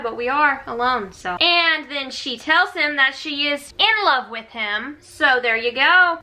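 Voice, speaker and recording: A young woman with a lofty, bright voice talks casually to her viewers and recaps a reality show episode. She sounds chatty and sarcastic, with a streak of mock enthusiasm. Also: high-pitched.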